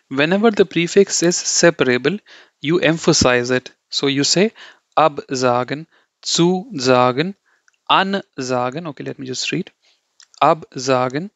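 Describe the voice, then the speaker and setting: With a creaky, mid-range voice and no room sound, a man teaches German grammar to learners, repeating himself loosely, checking in with "okay" and "you know," and fixing his phrasing mid-sentence. The recording is dull, dry, and lo-fi.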